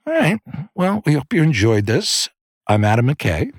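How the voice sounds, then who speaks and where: A man's voice: on the high side, wildly swooping pitch, normal speed, dry recording. A middle-aged man hosting a podcast, improvising a bedtime story in a loose, conversational way with fillers and restarts.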